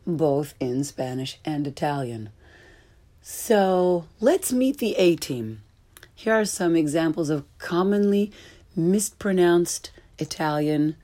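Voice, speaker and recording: A woman with a low voice gives a pronunciation lesson at an unhurried pace. She sets each mispronounced word against the correct one, sounding them out slowly and clearly. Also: a little mellow. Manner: slow, careful contrasting of wrong and correct pronunciations. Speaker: language teacher.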